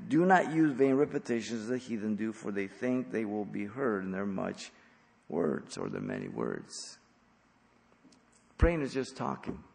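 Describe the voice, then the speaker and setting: A man preaching an expository sermon as pastor, blunt and emphatic, with sudden loud stresses. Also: fairly low pitch, very animated, a little slow, vocal fry, in a large hall.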